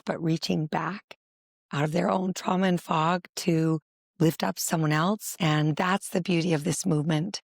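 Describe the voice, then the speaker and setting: Woman therapist, documentary interview; earnest, emphatic list-builder, gravelly fry, dry close sound. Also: low voice, a little mellow, no room sound. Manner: earnest, emphatic, builds points in repeated lists. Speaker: family therapist and advocate.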